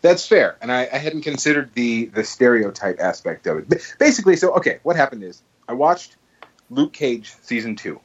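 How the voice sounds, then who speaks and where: A man's voice: mid-range voice, big pitch swings, normal speed, breathy edge, muffled recording. A man co-hosting a podcast, chatting casually and telling stories animatedly with frequent restarts. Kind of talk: casual chat.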